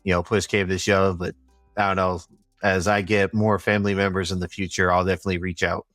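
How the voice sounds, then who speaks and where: Young male co-host, low-pitched, relaxed chatty storyteller. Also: brisk, no echo, faint music behind. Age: young adult. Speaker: podcast co-host. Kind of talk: casual chat.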